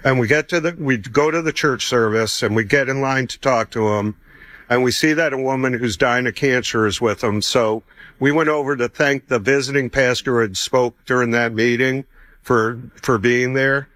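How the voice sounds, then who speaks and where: A man's voice: medium pitch, moderate pace, a bit bright, dry recording. Middle-aged man, personal testimony, easygoing storyteller who chuckles and quotes people, dead-dry recording. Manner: conversational, acts out dialogue, chuckles often.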